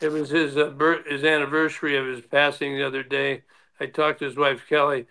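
A man's voice: on the high side, a little fast, creaky. A man in his sixties telling stories in a casual chat, acting out the voices of people he quotes. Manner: animated storyteller, acts out quoted voices. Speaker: guest, former player and manager.

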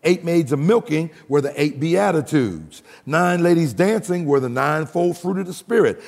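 A man's voice: fairly high pitch, vocal fry, a little mellow, long reverb tail. A man preaching a recorded sermon, explaining and calling the congregation to repeat after him. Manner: explains and calls for audience repetition. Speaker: pastor.

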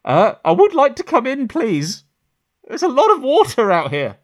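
A man's voice: extremely high pitch, huge pitch swings, normal speed, voice pushed up, heavily acted. A man voicing a creature mimicking a polite young man, asking nicely to be let in from rising water. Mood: pleading. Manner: politely pleading. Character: monster posing as a polite drowning man.

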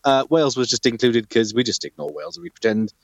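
A man co-hosting a comedy podcast, telling history with wry, deadpan asides. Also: mid-range voice, fast, dry recording, dull audio. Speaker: podcast co-host. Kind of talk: comic history storytelling.

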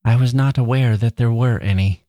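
A man voicing a frail, proud woman writer who speaks humbly and gently but will not yield. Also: mid-range voice, moderate pace, dry recording, clean studio sound, natural voice. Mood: gentle, earnest.

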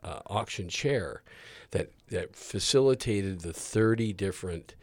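A man's voice: low-pitched, animated, unhurried, slightly rough, no echo. A middle-aged man telling long rambling stories in casual chat, laughing often. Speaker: guest artist.

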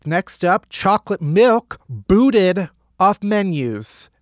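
Sarcastic comedy host, a man with a slightly high voice and a dry, close sound, swearing freely through the news. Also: very animated, slow, no room sound. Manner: sarcastic and profane, with frequent laughs. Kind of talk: casual comedic news roundup.

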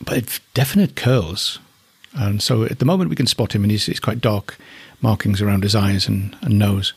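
Middle-aged farmer type from northeast England, low and a bit breathy, chatty and affectionate, in a dry, close sound. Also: male voice, moderate pace, dry recording. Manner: chatty and affectionate, thinking aloud. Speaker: alpaca keeper. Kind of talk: casual spoken commentary.

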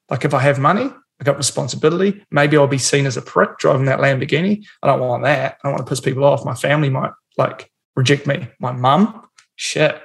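A man in relaxed podcast chat. His voice is gravelly and sits a little high. He talks bluntly, swears freely and acts out small scenes as he goes. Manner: blunt and swearing, animated storytelling. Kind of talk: casual chat.

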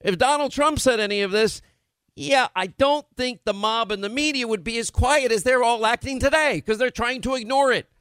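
A man's voice: very high-pitched, normal speed, fairly bright tone, clean tone, dry recording. A man hosting a political talk radio show, delivering emphatic, combative commentary with sarcastic asides.

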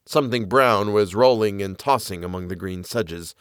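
A man narrating a classic novel as an audiobook reader, with an expressive, dramatic delivery. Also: on the low side, moderate pace, clear, resonant tone, no room sound, clean studio sound.

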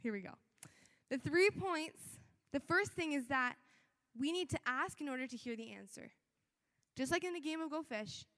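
A woman's voice: high voice, a bit bright. A young woman giving a casual, chatty youth sermon, acting out quoted prayers along the way. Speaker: youth speaker. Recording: reverberant hall.

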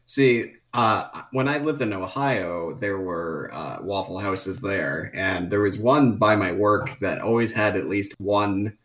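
A man's voice: on the low side, slow pace, hardly any pauses, fairly bright tone. A man co-hosting a casual podcast, rambling with fillers and laughs. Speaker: podcast co-host. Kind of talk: casual chat.

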